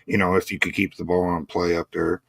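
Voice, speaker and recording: A man's voice: deep voice, flat delivery, brisk, vocal fry, breathy edge, no room sound. A man co-hosting a casual show, talking in a laid-back way full of "bro" and "you know". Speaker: podcast co-host. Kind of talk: casual chat.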